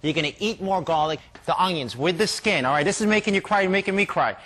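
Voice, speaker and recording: A man giving a pushy, emphatic product demonstration as an infomercial pitchman. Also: fast, fairly bright tone. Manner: pushy, emphatic salesman patter.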